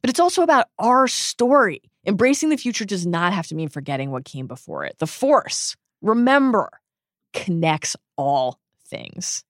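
A woman's voice: mid-range voice, sing-song, moderate pace, no echo, studio quality. A woman co-hosting a film podcast, retelling scenes in an effusive, emotional and dramatic way. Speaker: podcast co-host. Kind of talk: enthusiastic film-recap podcast chat.

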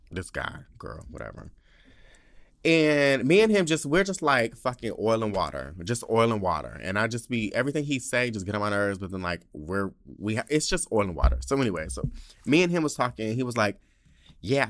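A man hosting a casual solo podcast, telling stories in a sassy, profane way, with big jumps in pitch and loudness. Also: dry recording, clean studio sound. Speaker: podcast host. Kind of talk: casual monologue.

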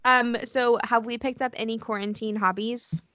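A woman's voice: a little high, fairly even intonation, moderate pace, sharp tone, dry recording. A woman co-hosting a podcast from home, teasing her friends drily and steering the chat to new topics. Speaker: podcast co-host. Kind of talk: casual chat.

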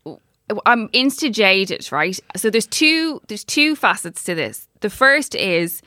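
A woman's voice: mid-range voice, big pitch swings, takes it slowly, pushed and bright, no room sound, clean studio sound. An Irish woman in her thirties telling stories in casual, sweary chat as a podcast co-host. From Ireland. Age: 30s. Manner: chatty, sweary, storytelling.

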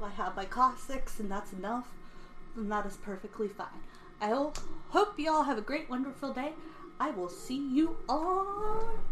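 A woman's voice: a little high, a little hiss or hum. A young adult woman who hosts her own channel, chatting to viewers and then reading a children's fairy story aloud in a lilting storybook manner.

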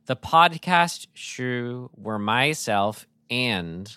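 A man's voice: medium pitch, animated, extremely slow, sharp tone, clean tone, dry recording. A man co-hosting a podcast in casual chat, rambling and laughing at his own slips. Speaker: podcast co-host.

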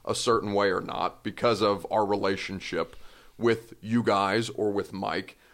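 This podcast host is a man whose voice sits on the low side, steady in tone, slightly bright, and measured in pace. He keeps the casual chat relaxed and chatty, often drifting into rambling asides that poke fun at himself.

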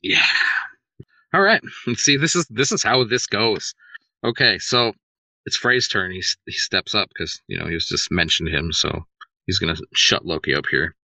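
A man hosting a casual chat, retelling myths in an animated way, swearing and laughing often. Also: sits low, normal speed, gravelly, dry recording, low-quality recording. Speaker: podcast host, storyteller.

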